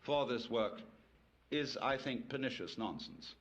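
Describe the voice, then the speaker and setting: A man's voice: medium pitch, a little slow, slight background noise. A man giving a public lecture to an audience, telling stories with wry, playful asides.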